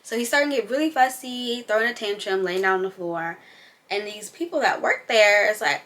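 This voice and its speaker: A woman's voice: mid-range voice, fairly quick, fairly bright tone. A young woman vlogger and mom in an unscripted casual chat, candid and emphatic, rambling as she goes.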